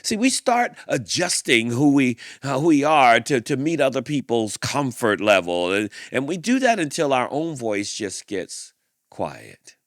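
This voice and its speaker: A man's voice: medium pitch, big pitch swings, a little slow, no echo, studio quality. A man hosting a podcast, reading a picture book and reflecting aloud, with frequent restarts and sighs. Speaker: podcast host.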